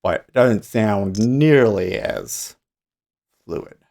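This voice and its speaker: A man's voice: lowish voice, lively intonation, creaky, a little mellow. A man hosting a livestream in casual chat, rambling and breaking off mid-sentence, often laughing. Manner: rambling, self-interrupting, quick to laugh. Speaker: livestream host.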